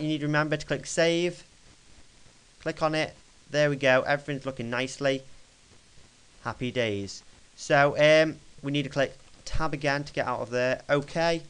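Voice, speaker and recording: A young man talking through a casual screen-recorded software tutorial at his computer desk, chatty and rambling, correcting himself as he clicks along. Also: a little high, clear, resonant tone, poor audio. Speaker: tutorial maker.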